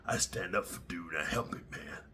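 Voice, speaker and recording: A man voicing a boastful young male online commenter in a low, mumbled tone. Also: moderate pace, bright, forceful tone, slight background noise. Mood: mocking.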